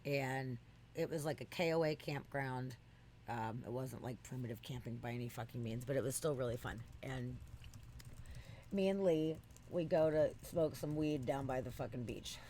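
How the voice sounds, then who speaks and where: A podcast co-host telling a story in casual chat, swearing freely and bursting into excited exclamations. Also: moderate pace, slight background noise. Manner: animated, swears freely, jumps into high exclamations.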